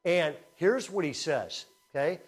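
A man preaching a sermon in a conversational style, energetic and swinging between loud emphasis and quiet asides. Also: fairly high pitch, unhurried, slightly rough. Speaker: speaker at a camp teaching session.

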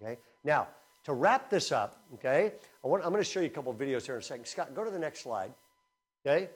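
Lively conversational man preaching a sermon. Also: fast, slightly rough. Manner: energetic, conversational, swings between loud emphasis and low asides. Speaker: speaker at a camp teaching session.

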